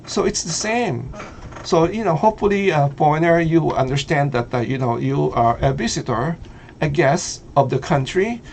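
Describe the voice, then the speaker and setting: A middle-aged Filipino vlogger offers casual commentary with a Filipino accent, speaking loosely and hesitantly with lots of "uh" and "you know" and easy laughter. His voice is somewhat high for a man, animated and creaky, with a faint room hum underneath.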